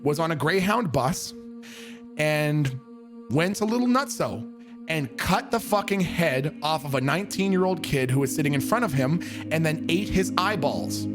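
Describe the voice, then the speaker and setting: A man from Canada telling a comic story in an animated, profane way, acting out the voices in it. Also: a little high, normal speed, over music. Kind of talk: comedic storytelling.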